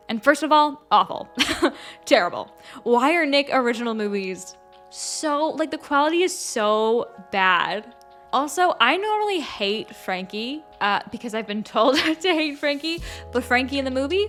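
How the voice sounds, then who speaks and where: A woman's voice: fairly high pitch, fairly bright tone. Bubbly young woman chatting over music. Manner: bubbly, chatty, frequent likes and laughs. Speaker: art channel host. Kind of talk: casual chat with sponsor read.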